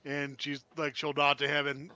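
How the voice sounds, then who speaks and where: A man's voice: a little high, monotone, moderate pace, bright, forceful tone. A man describing what his character does in a tabletop game, casual and a bit hesitant. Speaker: player.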